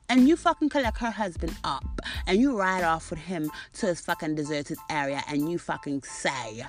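A woman's voice: sits low, lively intonation, moderate pace, few pauses, faint music behind. A British woman hosting a podcast, delivering a furious, mocking, profane rant. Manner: furious, mocking, swearing constantly. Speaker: podcast host. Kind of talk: profane ranting commentary.

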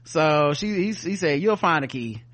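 A man with a slightly high voice tells a TV plot like a story. He drops into the characters' lines as he goes, loose and profane in casual podcast chat. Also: expressive, moderate pace, a bit bright. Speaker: podcast co-host reviewing a TV episode.

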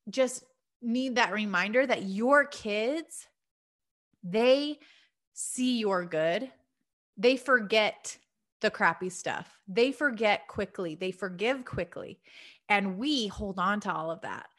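Earnest chatty mom, higher voice. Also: female voice. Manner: warm, earnest, chatty with fillers. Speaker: mom podcaster. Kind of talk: casual heartfelt monologue.

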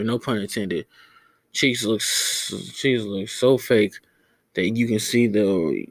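A young man talks loosely and profanely, tripping over his words as he rambles. His voice sits at an ordinary pitch, recorded close and dry with no room sound. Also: no echo. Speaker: podcast host. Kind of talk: casual rambling monologue.

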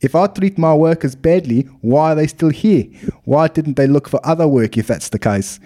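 A man's voice: a little high, moderate pace, dark tone, pitched above the performer's own voice, natural voice. A man putting on a South African accent to voice a defensive hotel owner who rolls his R's and turns stiff and aggressive. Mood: indignant. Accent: put-on South African. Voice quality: rolling R's. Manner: stiff, indignant, growing aggressive. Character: defensive male hotel owner answering a bad review.

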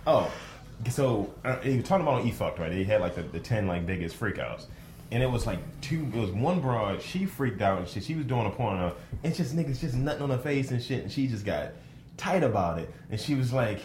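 A man tells crude stories on a casual podcast, his pitch swooping as he acts out each person in them. The room is echoey and music plays behind him. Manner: animated storytelling with lots of impressions. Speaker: podcast co-host. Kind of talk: casual explicit podcast banter.

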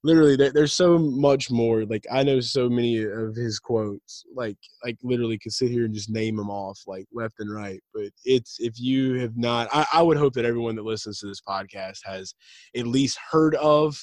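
A man's voice: mid-range voice, normal speed, a little mellow, no room sound. A young man, a podcast co-host retelling favorite TV scenes with lots of laughter and swearing. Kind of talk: casual chat.

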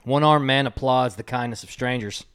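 A man's voice: mid-range voice, normal speed, fairly bright tone, clean tone. A man hosting an informal home quiz game, reading jokes aloud and chuckling at them, with a loose style full of fillers. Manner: chuckles at his own jokes. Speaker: quiz host.

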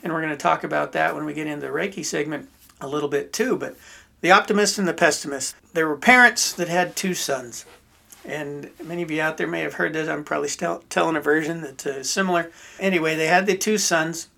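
Gravelly, folksy male podcast host. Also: fairly high pitch, fairly even intonation, brisk, bright, forceful tone. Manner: rambling, folksy storyteller with restarts. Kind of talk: casual storytelling chat.

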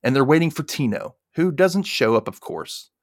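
A man's voice: on the high side, brisk, no echo, studio quality. A man hosting a podcast, casually recapping an episode and acting out the characters' lines. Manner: animated retelling, acting out quotes. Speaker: podcast host.

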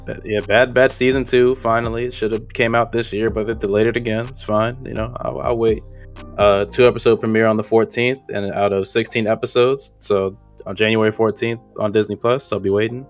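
Low-voiced man rambling in casual slang. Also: fairly even intonation, brisk, soft background music. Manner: rambling, slangy, self-correcting. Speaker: podcast co-host. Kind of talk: casual chat.

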